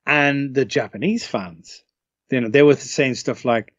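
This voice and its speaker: A man from the UK, a singer being interviewed, telling stories in a relaxed, chatty way and laughing often. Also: medium pitch, a little slow, no room sound. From United Kingdom. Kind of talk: casual interview storytelling. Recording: dull, lo-fi, dry call audio.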